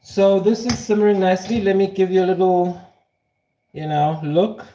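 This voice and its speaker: A man giving a casual spiritual talk while he cooks, self-assured and animated, drifting between prophecy and cooking asides. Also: high voice, moderate pace, a little hiss or hum. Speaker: spiritual teacher. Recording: roomy echo.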